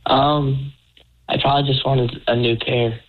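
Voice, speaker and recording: A teenage boy calls in to a radio show, speaking slowly with hesitant, brief answers. His voice comes over a dull, muffled phone line. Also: medium pitch, level tone. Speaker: caller, host's son.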